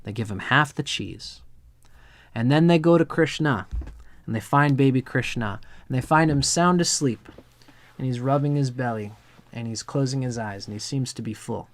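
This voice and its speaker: A man's voice: medium pitch, moderate pace. A man giving a live astrology chart reading, earnest and meandering, drifting into storytelling.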